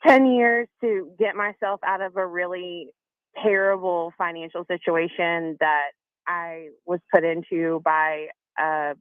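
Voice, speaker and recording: A woman caller telling her personal story on a talk show, halting with frequent pauses. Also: on the low side, steady tone, no room sound. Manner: soft-spoken, halting, with many fillers. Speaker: caller receiving a reading. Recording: tinny phone line, dry.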